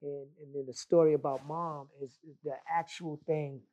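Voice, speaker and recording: A man with a slightly high voice hosts a podcast interview. He talks casually, affirming his guest and echoing his words back. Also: little pitch movement, moderate pace, warm tone, highs cut off. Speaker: podcast host.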